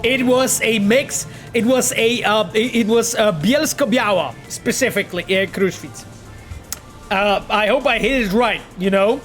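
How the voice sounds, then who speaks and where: A man with a Polish accent, a game developer casually talking to his stream audience as he plays, excitable and swearing freely. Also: high voice, unhurried, faint music behind. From Poland.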